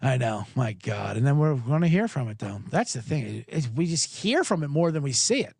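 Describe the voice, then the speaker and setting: A man hosting a sports podcast, telling a comedic rant, profane and animated, acting out both sides of an argument. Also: mid-range voice, brisk, creaky, breathy edge, no echo, studio quality.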